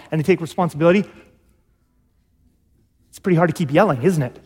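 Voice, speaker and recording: A male pastor giving a sermon with a high voice. He talks to his congregation casually, asks them questions, and acts out quotes. The voice echoes with the long reverb of a hall. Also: fast.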